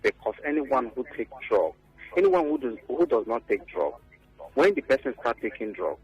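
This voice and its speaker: A man's voice: medium pitch, big pitch swings, moderate pace, darkish tone, husky, dry recording, dull audio, soft background music. A Nigerian man calling in to a radio show, speaking earnestly and repeating himself for emphasis. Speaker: phone-in caller.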